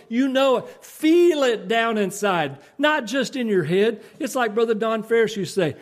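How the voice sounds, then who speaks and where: A man's voice: very high voice, lively intonation. A man preaching a sermon, explaining scripture earnestly and emphatically, with rhetorical questions to his listeners. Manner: reads scripture slowly in old-fashioned English.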